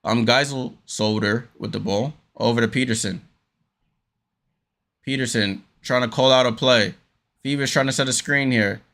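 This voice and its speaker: A man hosting a casual fan watchalong, calling the game play by play with frequent fillers and sudden jumps of excitement on big plays. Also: medium pitch, moderate pace, creaky, pauses often. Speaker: host.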